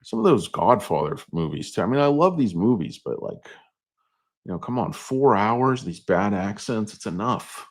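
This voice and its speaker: Middle-aged male host, low and animated, loose comedic market commentary. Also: breathy edge. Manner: meandering, jokey asides, many fillers. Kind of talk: rambling comedic stock-market talk.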